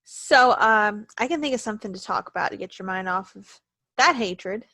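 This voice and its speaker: A woman's voice: mid-range voice, animated, moderate pace, bright, forceful tone, dry recording. A young woman co-hosting a podcast, chatting casually and animatedly, swearing and laughing often. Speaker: podcast co-host. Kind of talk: casual chat.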